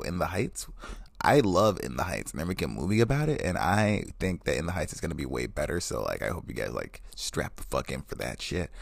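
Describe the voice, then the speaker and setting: Young guy in his 20s chatting on his podcast from bed, deep gravelly voice, swears a lot, dry close sound. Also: dry recording. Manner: rambling, profane, self-interrupting. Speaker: podcast host. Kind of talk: casual solo podcast chat. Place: in bed at home.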